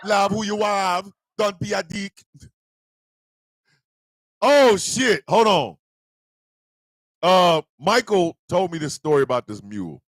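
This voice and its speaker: A man hosting a radio morning show, telling a profane comedic rant in a loud, animated way. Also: high voice, takes it slowly, pauses often, no echo. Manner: loud, animated, profane storytelling with mock voices.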